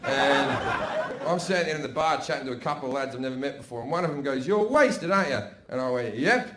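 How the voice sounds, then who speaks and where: A middle-aged Australian comedian performs a crude, swearing stand-up set on stage before a live audience, telling stories with brash delivery. His medium-pitched voice is fast, and the live venue is echoey with audience noise.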